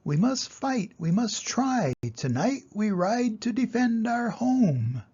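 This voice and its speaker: A man's voice: big pitch swings, normal speed, mellow, husky, dull audio, heavily acted. An older man reading a storybook aloud and voicing a small, timid male mouse in a raised, fretful voice. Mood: rousing. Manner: high, fretful, melodramatic.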